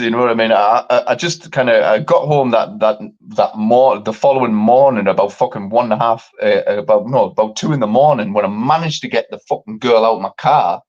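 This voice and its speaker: A man hosting a live show, telling a long story casually, swearing a lot and acting out the other people's lines. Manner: animated, swearing, acts out quotes with big pitch jumps. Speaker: podcast host. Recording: dull lo-fi live stream audio.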